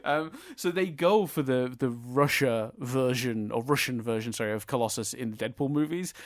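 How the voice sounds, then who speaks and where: A man's voice: mid-range voice, normal speed, no room sound. A man co-hosting a film review podcast, chatting enthusiastically, laughing often and swearing casually. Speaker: podcast co-host.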